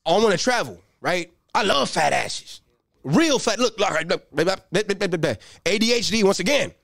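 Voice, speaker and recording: Young male stand-up: high, wildly swinging voice, profane street banter, dry close sound. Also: normal speed, creaky, dry recording. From Los Angeles. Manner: animated, profane, streetwise banter with shouted bursts. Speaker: stand-up comedian. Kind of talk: stand-up routine.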